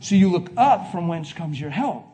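A preacher giving a sermon to a congregation, telling a personal story, going from hushed to loud. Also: male voice, high voice, animated, moderate pace. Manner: emphatic, swings from hushed to loud. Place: before a live congregation.

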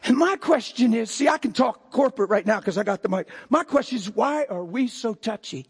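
An older man delivers a sermon from the pulpit. His voice sits strikingly high and carries a gravelly rasp, and he keeps jumping from calm explaining to fiery shouted lines. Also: fairly quick. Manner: preaching with sudden shouted outbursts. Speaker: pastor.

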